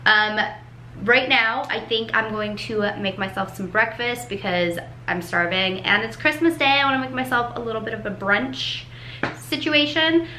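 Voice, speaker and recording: A woman's voice: on the high side, moderate pace, pushed and bright, a little hiss or hum. A young woman vlogging casually at home, chatty and gushing, with plenty of filler "like"s. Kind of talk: casual vlog talk to camera.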